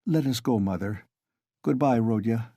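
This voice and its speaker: A man voicing a composed, proud young woman who speaks gently and holds herself back. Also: mid-range voice, moderate pace, dry recording, clean studio sound, lightly acted. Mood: restrained. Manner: gentle, restrained.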